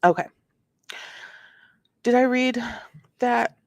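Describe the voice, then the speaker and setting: A woman's voice: a little high, very slow, vocal fry, dry recording. A woman commentating casually on a court case, reading filings aloud and reacting with chatty asides and frequent restarts. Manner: reads documents aloud, then reacts with sass.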